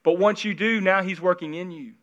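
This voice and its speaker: A man preaching a sermon in an earnest, conversational way, at times dropping into hushed, intimate tones, on a slightly dull recording. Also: high voice, a little fast. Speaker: pastor.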